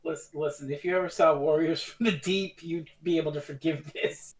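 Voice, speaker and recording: A man co-hosting a podcast, chatting casually about a TV serial, animated and swearing freely as he acts out quotes. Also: a little high, a little fast. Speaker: podcast co-host. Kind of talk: casual review chat.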